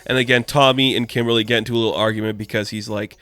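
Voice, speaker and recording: A man's voice: lowish voice, fairly even intonation, racing, fairly bright tone, dry recording. A man giving a casual comic book review, chatty and loose, full of "like" and "you know".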